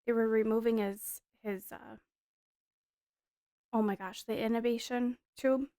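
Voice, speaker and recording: A woman's voice: fairly high pitch, steady tone, a little slow, dark tone, dry recording, studio quality. A woman in her thirties giving an earnest, emotional personal testimony in a casual storytelling way, with frequent fillers. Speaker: wife sharing a testimony.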